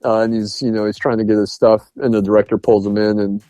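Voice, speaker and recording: Laid-back low-voiced man reviewing a film. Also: level tone, fast talker, warm tone, dry recording. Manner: loose and chatty, acts out movie lines with laughs. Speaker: podcast co-host. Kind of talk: casual film review chat.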